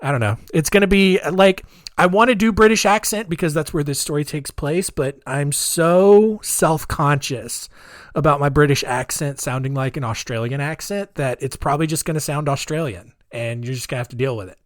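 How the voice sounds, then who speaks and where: A man's voice: fairly high pitch, moderate pace, no room sound, clean studio sound. A man hosting a podcast, telling a story in a chatty, rambling way with sarcastic asides. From United States. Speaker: podcast host.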